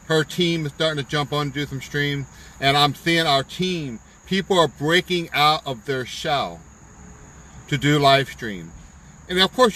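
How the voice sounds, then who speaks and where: A man's voice: fairly high pitch, pushed and bright, slight background noise, rough recording. A man giving a fervent, preachy pep talk on a live stream from his parked car, repeating himself for emphasis. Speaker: business promoter on live stream. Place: parked car at a park outdoors.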